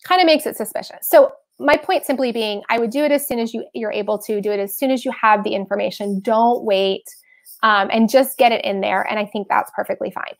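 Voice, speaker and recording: Woman host, higher voice, chatty and frank, animated live-stream advice talk. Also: fairly quick, gravelly. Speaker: host giving tax tips.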